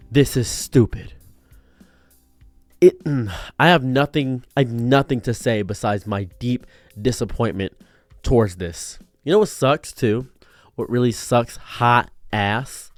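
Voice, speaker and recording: A man ranting on a commentary stream, exasperated and profane, swinging between loud outbursts and low muttering. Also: lively intonation, normal speed, dry recording, clean studio sound. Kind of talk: angry reaction rant.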